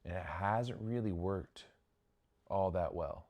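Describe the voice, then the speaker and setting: A young man hosting a volleyball watch-along, giving casual live commentary with sudden excited exclamations and frequent restarts. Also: low voice, takes it slowly.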